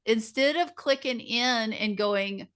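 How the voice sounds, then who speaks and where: Animated woman leading a group call. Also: a little high, takes it slowly, clear, resonant tone. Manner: animated, mimics others in quoted voices. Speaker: community group leader. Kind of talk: casual group video call.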